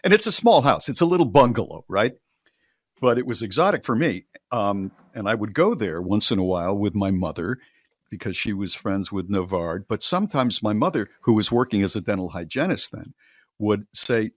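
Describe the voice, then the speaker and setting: An older man from Connecticut, a radio host reminiscing in relaxed, rambling casual chat. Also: lowish voice, moderate pace, no room sound, studio quality.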